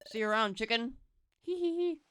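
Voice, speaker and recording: A woman's voice: a little high, lively intonation, fairly quick, fairly bright tone, no echo. A woman voicing a pair of mocking bully creatures from a game, taunting and snickering.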